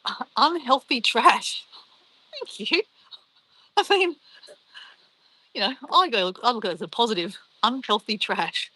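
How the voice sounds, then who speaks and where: A middle-aged Australian woman hosting a casual livestream, reading out viewers' comments in a chatty, upbeat way. Her voice is bright and a little higher than most, and her Australian accent is clear. She answers the chat easily and brushes things off. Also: animated, a little slow, pauses often, no room sound, rough recording.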